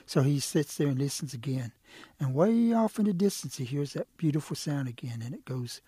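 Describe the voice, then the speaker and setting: A man telling a traditional animal story the way he tells it to schoolchildren, relaxed and animated. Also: on the high side, normal speed, slightly rough, no echo, studio quality. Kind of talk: oral folk storytelling.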